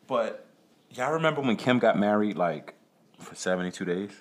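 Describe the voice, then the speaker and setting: A man with a fairly low pitch and lively intonation hosts a solo podcast at normal speed. He rambles in a casual, profane way, stammers through restarts, and throws rhetorical questions to the listener.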